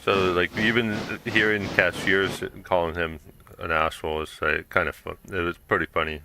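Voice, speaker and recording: A man's voice: low voice, little pitch movement, moderate pace, background noise. A young man chatting casually while streaming a game, rambling through a story with lots of fillers and restarts.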